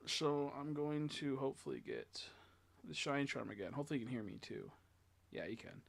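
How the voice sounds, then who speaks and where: A man streaming a video game live, muttering to himself as he plays, swearing a lot and breaking into frustrated shouts. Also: mid-range voice, animated, a little fast, gravelly. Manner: mutters and talks to himself while playing. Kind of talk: live gameplay commentary.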